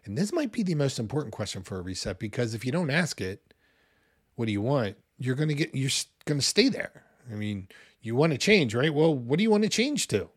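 A man in his forties preaching a sermon in a conversational, animated way, with loud bursts when he acts out what people say. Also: mid-range voice, fairly quick, husky, no room sound, clean studio sound. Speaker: pastor.

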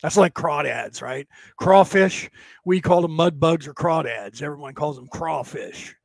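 Rambling folksy guy, gravelly highish voice, dry close sound, keeps saying right?. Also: a little slow, dry recording. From California. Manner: chatty, folksy, tags lines with "right?". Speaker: livestream host reading chat. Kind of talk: rambling casual chat.

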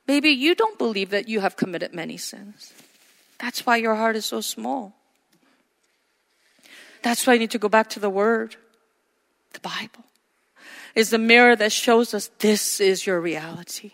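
A woman's voice: on the high side, lively intonation, a little slow, long pauses, fairly bright tone. A woman pastor preaching a sermon with impassioned delivery, repeating phrases for emphasis, in a church sanctuary. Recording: long reverb of a church hall.

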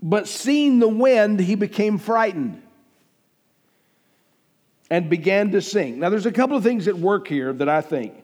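A man preaching a sermon, his voice pitched a little high. He swells and drops in volume and acts out the lines he quotes. The long reverb of a church hall trails behind every phrase. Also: animated, measured pace, long pauses, darkish tone. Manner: emphatic preaching, rising and falling in volume, acting out quoted speech. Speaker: pastor.

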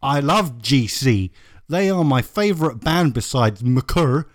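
A man voicing a melodramatic teenage goth girl in a comedic fanfic reading, with a shrill put-on voice. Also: lively intonation, slow pace. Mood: gushing.

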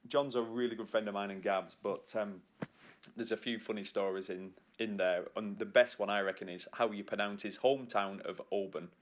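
A man's voice: on the low side, moderate pace, slight background noise. A man co-hosting a podcast from the UK, chatting and telling jokey stories with plenty of laughs. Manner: jokey, animated, laughing storyteller. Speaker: podcast co-host. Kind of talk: casual chat.

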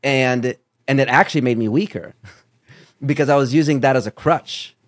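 A man's voice: medium pitch, moderate pace, dry recording. Candid man talking in a dry, close sound. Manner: candid and animated, storytelling with asides. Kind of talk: casual podcast conversation.

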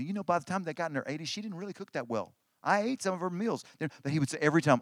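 A man's voice: a little high, fast talker, few pauses, fairly bright tone, dry recording, studio quality. A middle-aged man preaching a sermon in a conversational way, often restarting phrases for emphasis. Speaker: pastor.

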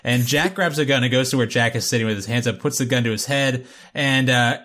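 A man's voice: medium pitch, a little fast, a bit bright. A man co-hosting a podcast, narrating the plot in a joking, profane, casual way. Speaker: podcast co-host recapping episodes. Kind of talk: casual chat.

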